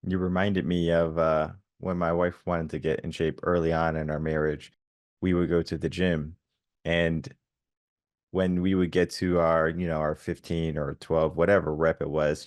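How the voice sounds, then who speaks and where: Deep voiced host guy, earnest, lots of you knows, dry sound. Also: no echo. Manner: earnest, many fillers like "you know". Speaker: podcast host. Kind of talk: reflective interview talk.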